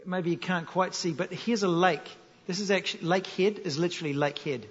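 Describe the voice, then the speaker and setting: Speaking a little fast in a high-pitched voice, a Kiwi pastor with a New Zealand accent preaches in a humorous storytelling style. He's lively and poses questions to those listening. An echoey hall and dull, lo-fi recording frame it all.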